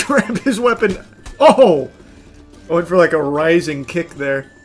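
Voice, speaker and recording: A man giving reactive gameplay commentary, yelling and laughing at the action, then dropping into deadpan asides. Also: fairly high pitch, takes it slowly, faint music behind. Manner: excitable yelling and laughing between deadpan remarks. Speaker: gaming commentator.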